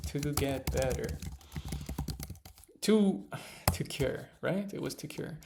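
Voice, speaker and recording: A man studying at his computer, muttering words to himself in a casual commentary, mostly soft with sudden excited bursts. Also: on the high side, slow pace, gravelly, pauses often, slight background noise. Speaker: language learner vlogger. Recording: loud keyboard typing behind.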